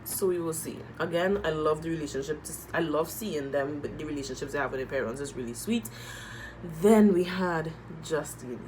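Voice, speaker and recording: A woman reviewing a reality TV episode in casual chat, animated and emotional, repeating phrases and using slang. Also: sits low, normal speed, slight background noise, low-quality recording. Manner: moved and emotional while talking.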